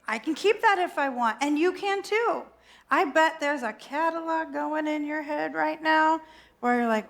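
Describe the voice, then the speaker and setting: A woman's voice: high-pitched, moderate pace. A woman minister preaching a sermon in a playful, self-mocking, theatrical way.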